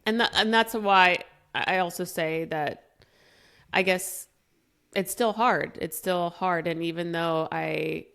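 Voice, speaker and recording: A woman's voice: fairly low pitch, takes it slowly, vocal fry, a bit bright, clean tone. A young woman co-hosting a podcast, telling personal stories in a candid, emotional way and laughing often. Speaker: podcast co-host. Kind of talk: casual chat.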